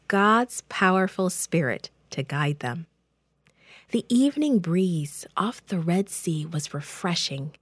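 A woman reading a children's Bible story aloud in a gentle, expressive storytelling voice. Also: on the low side, dry recording.

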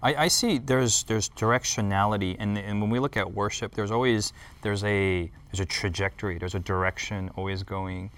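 A man's voice: fairly low pitch, fairly even intonation, moderate pace, fairly bright tone, clean tone. A man talking casually in a Bible study discussion, thoughtful, repeating words and restarting as he reasons aloud. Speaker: discussion panelist.

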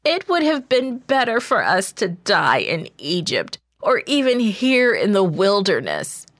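Wailing, fearful crowd, loud and pleading, voiced by a woman narrator. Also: medium pitch, wildly swooping pitch, unhurried, no room sound, clean studio sound, full character voice. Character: frightened crowd of wailing Israelites.

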